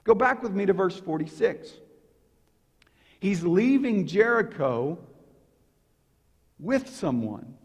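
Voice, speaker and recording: A man preaching a sermon as pastor, telling the story with animated energy and sometimes dropping to a hushed, intense tone. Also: high-pitched, takes it slowly, pauses often, husky. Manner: animated storytelling, acting out the crowd's lines. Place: church sanctuary. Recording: long hall reverb.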